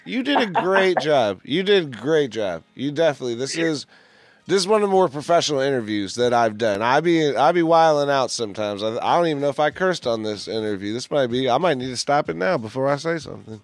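A man's voice: medium pitch, animated, fairly quick, dry recording. A man hosting a radio interview show, casual and rambling, joking and laughing often.

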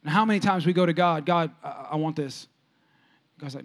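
A man preaching a sermon with audience interaction, telling casual stories and swinging from soft, low asides to loud, excited peaks. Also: fairly quick. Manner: animated, jumps sharply higher and louder when excited, then drops soft; conversational, storytelling preacher with casual slang. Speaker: pastor.

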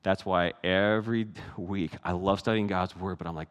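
A man's voice: fairly low pitch, fairly quick, few pauses. A middle-aged man preaching a sermon as pastor, in a conversational style and acting out the voices he quotes. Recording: long reverb of a large hall.

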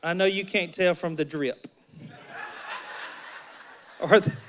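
High-voiced folksy Southern pastor. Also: male voice, fairly even intonation, slow pace, a bit bright. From Alabama. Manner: folksy, joking, talks directly to the congregation. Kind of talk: sermon. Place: church sanctuary.

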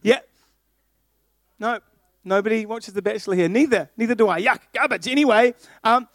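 A man's voice: sits high, normal speed, pauses often, a bit bright, dry recording, studio quality. A young adult man preaching a sermon, playful and jokey, talking directly to his congregation.

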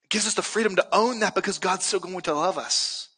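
A male pastor delivers a sermon in a forceful, bright voice that sits a little high for a man. He talks earnestly and builds to emphatic peaks. His words ring out with the long reverb of a church hall. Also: brisk, breathy edge.

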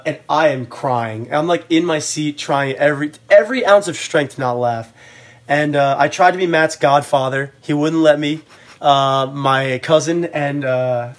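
A young man telling stories in a casual podcast chat, animated and rambling, with lots of fillers. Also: medium pitch. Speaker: podcast co-host.

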